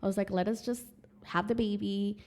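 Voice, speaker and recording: Speaking a bit fast in a mid-range voice, this young female podcast guest chats casually through a story. She keeps laughing and brings other people's words to life by performing them, all with lively energy.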